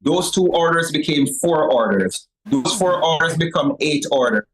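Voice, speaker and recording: A man's voice: on the high side, normal speed, low-quality recording. A man from Jamaica with a Jamaican accent, a cake shop owner telling stories as a talk show guest, easygoing with many fillers. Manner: relaxed storytelling with many "you know" fillers. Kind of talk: casual talk show interview.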